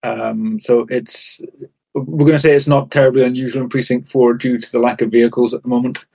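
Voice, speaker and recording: A man narrating and running a tabletop role-playing game as game master, in a relaxed, chatty way. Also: mid-range voice, fairly quick, creaky.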